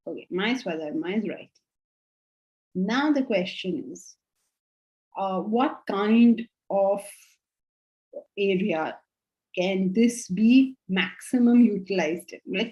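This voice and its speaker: A woman's voice: mid-range voice, takes it slowly, long pauses, darkish tone. Woman teaching scripture, lo-fi. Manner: explanatory, checks understanding with questions. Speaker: Vedanta teacher. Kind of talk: spiritual class Q&A.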